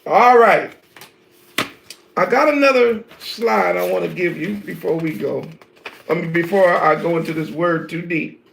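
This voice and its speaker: A man teaching an online scripture lesson, animated and preacher-like, talking straight to his viewers. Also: high voice, a little slow, vocal fry, reverberant, a little hiss or hum. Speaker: Bible teacher.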